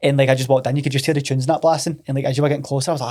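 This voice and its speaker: A Scottish man telling stories in a casual podcast chat, animated and swearing freely. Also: medium pitch, very fast. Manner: animated, swearing, laughing storyteller.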